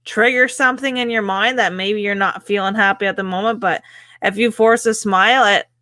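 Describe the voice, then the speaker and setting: A woman's voice: mid-range voice, fairly even intonation, fairly quick, pushed and bright, no echo. A woman co-hosting a motivational podcast, chatting enthusiastically. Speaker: podcast co-host.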